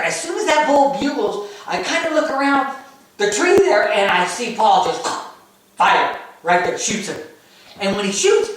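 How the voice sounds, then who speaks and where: A middle-aged man, an elk hunter and show host, telling the story of a hunt in an animated way and acting out his own reactions. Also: high-pitched. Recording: very echoey, voice from a distance.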